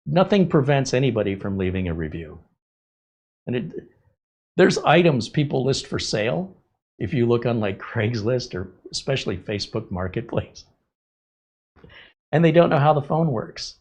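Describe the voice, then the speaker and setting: A man's voice: medium pitch, moderate pace, pauses often, husky. Chatty middle-aged male live-stream host. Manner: animated storytelling, frequent laughter. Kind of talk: casual live-stream chat.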